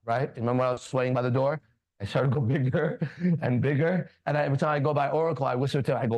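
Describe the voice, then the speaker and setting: A man hosting a casual talk show, animated, preachy and swearing freely. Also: medium pitch, fast. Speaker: podcast host. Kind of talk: casual chat.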